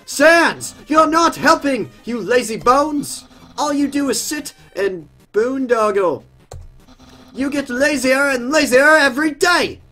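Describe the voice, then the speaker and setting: A gamer voicing a loud, grandiose male skeleton who brags and yells. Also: high voice, expressive, takes it slowly, faint music behind, heavily acted. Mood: scolding. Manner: yelling, grandiose.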